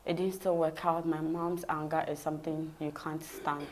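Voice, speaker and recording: A woman's voice: deep voice, little pitch movement, moderate pace, a little hiss or hum. A woman with a Ghanaian accent, an interview guest vividly telling her personal story and acting out the dialogue.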